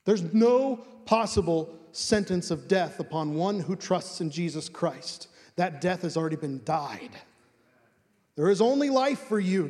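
A man's voice: a little high, a little mellow, in a large hall. A middle-aged man preaching a sermon, emphatic and earnest, often repeating a word for stress. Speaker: pastor.

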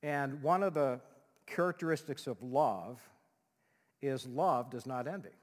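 A male pastor preaching a sermon in an animated way, dropping to a hush and rising loud again. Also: mid-range voice, measured pace. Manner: animated, swings from loud to hushed, acts out quotes. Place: church sanctuary. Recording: long reverb of a church hall.

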